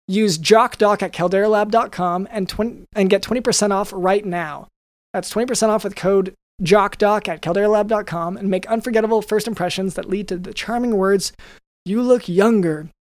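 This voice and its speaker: A man's high-pitched voice, roughened by vocal fry, comes through a dry recording. He's a podcast co-host improvising a comedic ad read, rambling and joking with many restarts.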